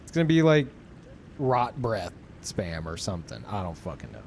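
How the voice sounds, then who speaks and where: A man's voice: deep voice, huge pitch swings, normal speed, creaky, a little mellow, a little hiss or hum. A young man streaming a game, chatting casually with viewers in a laid-back, profane, rambling way. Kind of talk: casual chat with stream viewers while gaming.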